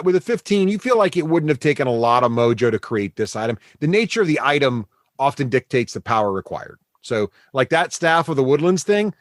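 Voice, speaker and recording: A man's voice: medium pitch, no echo, studio quality. A man narrating as game master in casual, filler-heavy speech. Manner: casual, many fillers and restarts.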